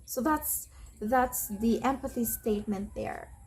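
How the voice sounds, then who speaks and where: A woman's voice: on the high side, unhurried, darkish tone, slightly rough. A woman who is a call center agent and not a native English speaker, giving a casual tutorial and explaining patiently with repeated phrases.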